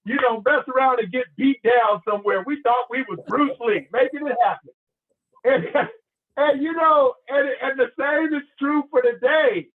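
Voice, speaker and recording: A man giving a motivational talk, animated and preacherly, leading his listeners in call and response and telling stories. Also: extremely high pitch, moderate pace. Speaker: motivational speaker. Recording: tinny phone-line sound.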